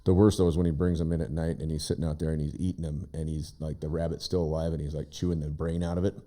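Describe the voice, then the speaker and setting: Low, mellow-voiced man telling rambling stories. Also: fast talker. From Oregon. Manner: rambling, animated storyteller who shouts out quoted lines. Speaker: guest, visiting brother. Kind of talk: casual storytelling chat. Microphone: studio microphone.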